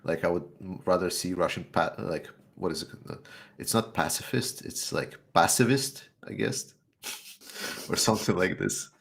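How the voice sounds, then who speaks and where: A man's voice: sits low, normal speed, vocal fry. A man appearing as a guest YouTuber in a live Q&A chat, speaking bluntly and sarcastically.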